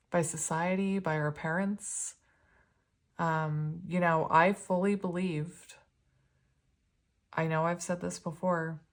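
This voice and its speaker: A woman giving a casual spiritual tarot reading, talking in an earnest, rambling way with lots of "like" and "you know". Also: on the low side. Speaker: tarot reader.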